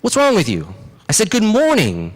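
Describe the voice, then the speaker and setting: A man's voice: high-pitched, huge pitch swings, normal speed, in a large hall, pitched above the performer's own voice, full character voice. A man voicing a hot-headed male rabbit from a bedtime story, indignant and stammering.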